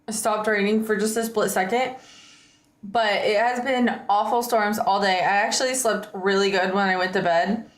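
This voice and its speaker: A woman streamer talks casually to her viewers, rambling, with lots of "like" and "um". Her voice is slightly hoarse and sits at a middle pitch for a woman. The room has a noticeable echo. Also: fairly even intonation, a little slow, long pauses, fairly bright tone. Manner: rambling, chatty, frequent likes and ums. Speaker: livestreamer.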